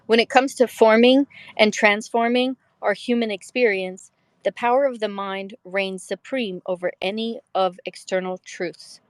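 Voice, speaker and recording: Lady reading a book out loud for her book club, mid pitch, stops for jokey little asides, dry close sound. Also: dry recording. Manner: reads steadily, then breaks off into chatty, joking asides.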